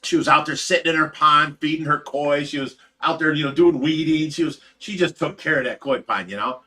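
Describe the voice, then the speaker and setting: Hosting a fish rescue livestream, a man with a slightly high, bright, forceful voice tells stories to his chat at a brisk clip. He's casual and laughs along as he talks.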